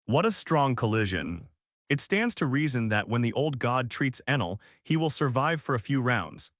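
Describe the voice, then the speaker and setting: A man narrating an audiobook as scripted narration, reading in a flat, even way. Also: mid-range voice, normal speed, no echo, clean studio sound.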